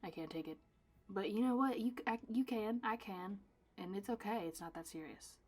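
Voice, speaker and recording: A woman's voice: medium pitch, normal speed. Chatty, self-mocking young woman vlogging. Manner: self-mocking, chatty, dramatic complaining with sudden loud bursts and soft asides. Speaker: artist packing her own orders. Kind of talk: casual vlog chat.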